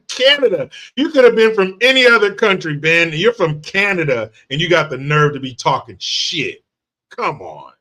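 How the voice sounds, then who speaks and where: A man from the United States talks on a live stream, mocking and cursing at viewers in chat. His voice sits a bit above the usual male range and comes out bright and forceful. The delivery stays brash and combative throughout. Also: on the high side, big pitch swings, moderate pace. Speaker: livestream host.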